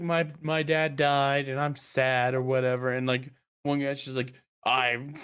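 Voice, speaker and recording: A man hosting a casual podcast chat about games, animated and swearing often, his voice jumping high when he rants. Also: clear, resonant tone. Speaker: podcast host.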